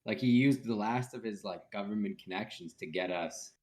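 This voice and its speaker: Low-voiced man, halting player. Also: noisy background. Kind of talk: casual chat at a tabletop game.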